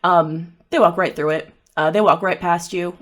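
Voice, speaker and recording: A woman's voice: fairly low pitch, fairly even intonation, moderate pace. A woman narrating a tabletop game as game master, casual with many fillers.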